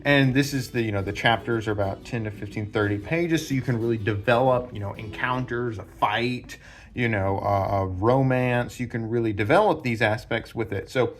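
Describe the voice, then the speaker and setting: A man's voice: medium pitch, moderate pace. Rambling man explaining at a whiteboard. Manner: rambling, filler-heavy, sketches diagrams while talking. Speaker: book channel host. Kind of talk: casual explanatory talk at a whiteboard.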